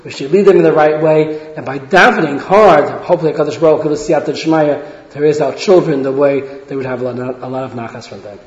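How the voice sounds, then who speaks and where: A man's voice: fairly high pitch, a little fast, hardly any pauses. A man giving an earnest talk on parenting to an audience, often restarting phrases and acting out quoted speech. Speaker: religious lecturer. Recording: roomy hall, dull lo-fi sound.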